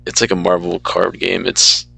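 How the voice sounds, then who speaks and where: A man's voice: low-pitched, completely flat delivery, moderate pace, gravelly, sharp tone, husky, no echo, poor audio. A man hosting a podcast, asking questions in a laid-back, easily amused way. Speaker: podcast host. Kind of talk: casual chat.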